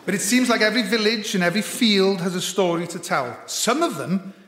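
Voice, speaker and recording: Wry comedian in an echoey hall. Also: male voice, high-pitched. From Anglesey, Wales. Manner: wry, dry asides with deadpan pauses. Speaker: comedian host. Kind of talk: stand-up comic storytelling. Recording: echoey hall with long reverb.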